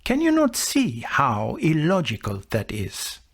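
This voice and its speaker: A man voicing a calm, patient male Buddhist monk who teaches through gentle, measured questions. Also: fairly high pitch, slightly rough, exaggerated voice. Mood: patiently questioning.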